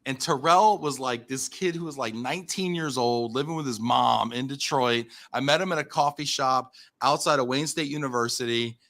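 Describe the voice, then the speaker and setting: An American man in his thirties, a podcast guest telling a long personal story. He talks casually with plenty of fillers and restarts, and he acts out his own past quotes in an animated way. His voice sits in an average male pitch. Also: normal speed, hardly any pauses. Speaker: podcast guest, company founder.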